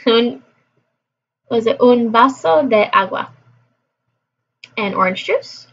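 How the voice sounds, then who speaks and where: A woman's voice: fairly high pitch, animated, takes it slowly. A woman vlogging her language practice in casual chat, repeating phrases aloud to her viewers. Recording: dull lo-fi recording.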